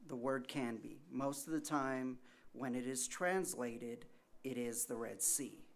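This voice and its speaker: A man's voice: medium pitch, takes it slowly, vocal fry. Conversational male preacher. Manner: conversational, asks rhetorical questions. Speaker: pastor. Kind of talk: sermon.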